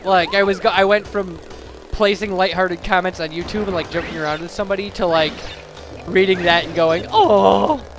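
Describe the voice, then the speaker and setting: A man's voice: high-pitched, steady tone, brisk, background noise. Rambling young man narrating gameplay. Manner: rambling, chatty, self-deprecating, with many fillers. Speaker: let's play commentator. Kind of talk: casual gameplay commentary. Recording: game music playing behind.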